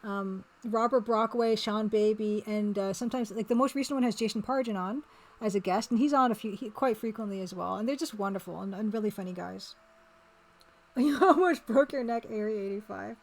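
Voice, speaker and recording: A woman's voice: medium pitch, brisk. A woman chatting casually on her art live stream, rambling and answering chat as she works. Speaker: streamer and pixel artist.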